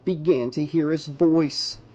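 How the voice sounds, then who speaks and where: A man reading a horror novel aloud as an audiobook narrator, in measured, dramatic narration. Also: a little high, steady tone, a little mellow, dull audio.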